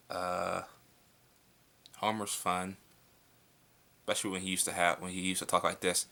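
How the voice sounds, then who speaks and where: A young man with a deep, gravelly voice answers viewer questions in a relaxed home vlog. His tone is bright and edgy, and his manner is blunt and casual, with frequent swearing. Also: moderate pace, pauses often. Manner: laid-back, blunt, swears freely. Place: indoors at home at night.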